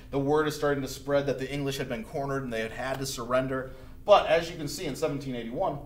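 A man's voice: medium pitch, slight background noise. Chatty male history teacher in an echoey room. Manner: casual and chatty, acts out historical figures in quotes. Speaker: high school history teacher. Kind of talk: recorded classroom lecture.

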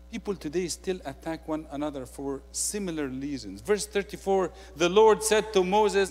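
A male preacher with an Egyptian accent delivers a sermon in a slightly raised voice. He shifts between soft, confiding asides and forceful, emphatic declarations. His voice rings with the long reverb of a large church hall. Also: fairly high pitch. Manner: swings from quiet intimate asides to loud emphatic declarations.

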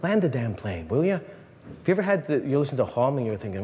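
A man, a priest, giving an animated, joking talk to a live audience, often restarting his sentences. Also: medium pitch, fast talker. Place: large hall. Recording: long reverb in a hall, faint room noise.

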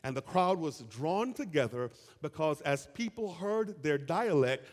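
Higher-voiced preacher in a reverberant hall. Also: male voice. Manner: animated preaching with call-and-response questions to the congregation; conversational asides and quick restarts while reading scripture. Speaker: pastor. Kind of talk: sermon. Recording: long reverb of a church hall.

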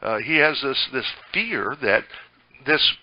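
A man's voice: mid-range voice, sing-song, slow, highs cut off. An older man preaching a sermon as pastor, folksy and conversational, with many fillers and restarts.

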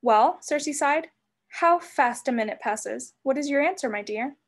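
A vain, sweetly menacing sorceress put on by a woman reading a storybook aloud. She coos and purrs in a honeyed, theatrical way, her voice sitting fairly high. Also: animated, a little slow, a bit bright, heavily acted. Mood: cooing, sly.

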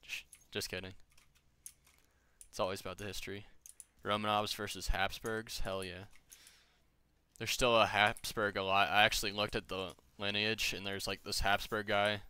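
A man's voice: on the low side, flat delivery, moderate pace, pushed and bright, clean tone, no room sound. A young man chatting casually with friends while gaming, rambling, joking and swearing freely. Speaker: gamer streaming with friends.

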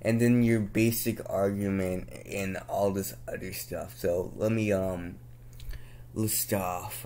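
Young dude venting on a vlog, repeats himself, flares up loud now and then. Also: male voice, sits low, fairly even intonation, takes it slowly, slight background noise. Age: young adult. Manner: venting, frustrated, with sudden loud outbursts; slangy, repeats himself, laughs at his own jokes. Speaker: vlogger. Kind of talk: casual ranting monologue.

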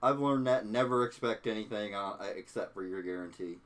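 A man's voice: fairly low pitch, fairly quick, fairly bright tone. A man giving easygoing commentary on a game, trailing off with little "so" and "I guess" asides. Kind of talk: casual gaming commentary.

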